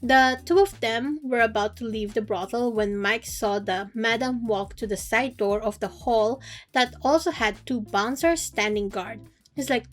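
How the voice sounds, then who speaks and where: A woman's voice: a little high, measured pace. A woman casually recapping a novel's chapters in a playful, slangy, joking way. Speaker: book recap youtuber. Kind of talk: casual chatty story recap.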